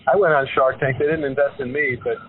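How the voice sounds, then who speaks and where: A man's voice: medium pitch, steady tone, quick pace. Man hosting a podcast over a thin line. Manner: probing, paraphrases guest's points. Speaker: podcast host. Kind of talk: interview questions, summarizing. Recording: tinny phone-line sound with faint noise.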